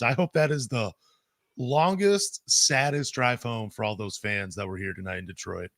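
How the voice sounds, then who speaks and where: An excitable man co-hosting a casual sports podcast, his voice rising and falling as he talks. His pitch sits in the middle range. The sound is dry and close, with little room around it. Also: normal speed, dry recording. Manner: excitable, animated, swings loud and soft. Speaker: podcast co-host.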